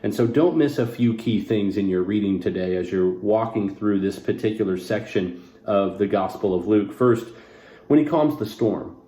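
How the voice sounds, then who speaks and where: A man's voice: lowish voice, normal speed, dark tone, reverberant. A man serving as pastor, teaching a short devotional on a Bible passage, earnest and conversational, putting scripture into casual everyday words.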